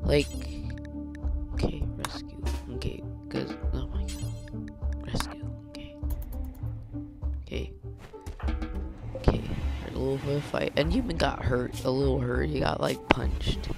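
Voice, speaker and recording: A gaming channel host giving excitable let's-play commentary, talking to the game characters and shouting when things go wrong. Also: mid-range voice, a little slow, creaky, long pauses, loud music behind the voice.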